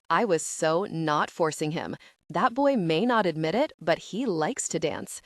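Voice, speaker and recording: A woman's voice: lowish voice, animated, slow pace, no room sound, clean studio sound. A woman reading an audiobook voices a chatty, teasing young female friend who sounds a little groggy.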